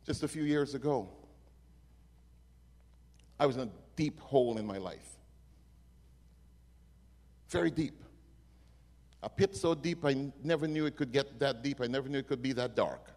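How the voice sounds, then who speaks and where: A man preaching a sermon, telling stories dramatically and swinging from hushed lines to loud ones. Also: mid-range voice, expressive, moderate pace, pauses often. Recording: long reverb of a hall.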